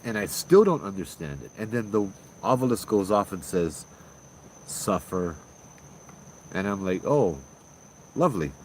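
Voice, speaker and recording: Brief: low-pitched man, host, rambling casual ghost-story telling, faint background noise. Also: big pitch swings, moderate pace, darkish tone, poor audio. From Hawaii. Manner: rambling, with many restarts.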